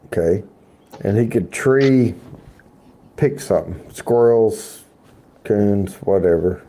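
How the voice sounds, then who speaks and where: A man's voice: lowish voice, slow, dark tone, slight background noise. A man hosting a casual chat, rambling through a long hunting joke with restarts. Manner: rambling, stumbles over the punchline. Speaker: host.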